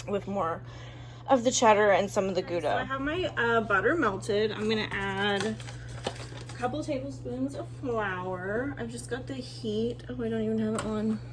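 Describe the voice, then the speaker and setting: A woman casually chatting through a home cooking vlog in her kitchen, relaxed and joking, with plenty of ums. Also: mid-range voice, a little hiss or hum. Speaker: cooking vlogger.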